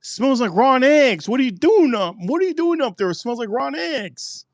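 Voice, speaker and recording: A man putting on the voice of a nagging mother who yells up the stairs about a smell. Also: expressive, normal speed, no room sound, studio quality. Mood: alarmed, complaining. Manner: shrill, yelling. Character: shrill nagging mother calling from downstairs.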